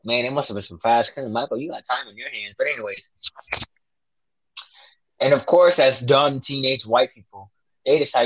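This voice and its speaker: A man's voice: mid-range voice, moderate pace, long pauses, highs cut off, background noise. A man in casual chat, animatedly retelling a horror movie, swearing a lot and acting out the characters' lines. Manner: profane, animated, acts out quotes.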